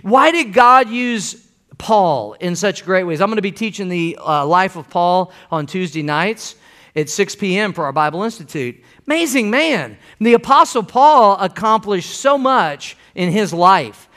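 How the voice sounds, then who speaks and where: Bright high-voiced preacher. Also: male voice, lively intonation, measured pace. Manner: folksy, emphatic preaching with repeated phrases. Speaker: pastor. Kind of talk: sermon. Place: church sanctuary.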